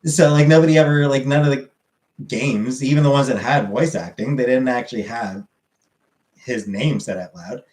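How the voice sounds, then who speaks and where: A man chatting casually as a streamer, answering viewer comments in a halting, rambling way with lots of fillers. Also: medium pitch, a little mellow, reverberant, poor audio.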